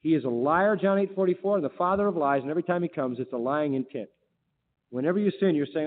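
High-voiced preacher on a tinny line. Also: male voice, fast talker. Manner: emphatic, rhetorical questions, quotes scripture. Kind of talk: sermon. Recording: tinny phone-like line with long reverb.

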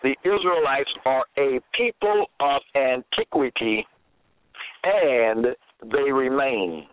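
A man preaching a radio sermon, slow and emphatic, repeating himself and asking rhetorical questions. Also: medium pitch, lively intonation, smooth, no echo. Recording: tinny phone-like radio audio.

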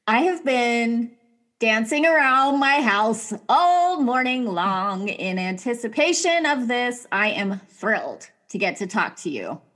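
A woman's voice: fairly high pitch, very animated, slow pace, a bit bright. A woman hosting a podcast, talking in an effusive, enthusiastic way as she opens the show and interviews a guest. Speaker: podcast host.

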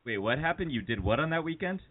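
A man hosting a casual podcast chat, joking around and laughing often, with halting speech full of fillers. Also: on the high side, very animated, husky. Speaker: podcast host. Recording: tinny phone-like audio.

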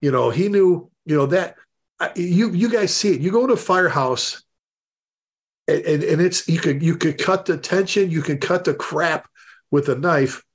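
A man hosting a casual panel discussion over a video call, telling stories in an animated, emphatic way. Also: fairly high pitch, normal speed. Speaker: host and fire service instructor.

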